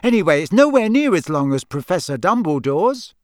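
A man's voice: sits high, sing-song, a little fast, no echo, clean studio sound, pitched above the performer's own voice. A man voicing a pert, teasing teenage girl in an audiobook reading.

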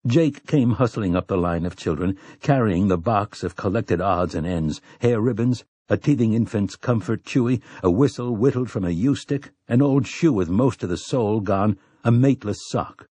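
Brief: male audiobook narrator, low and mellow, husky, measured reading. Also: dry recording. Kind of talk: scripted narration.

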